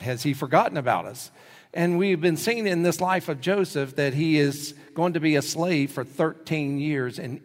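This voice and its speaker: A male pastor preaching a sermon, telling stories and acting out the quoted voices in them. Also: a little high. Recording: long hall reverb.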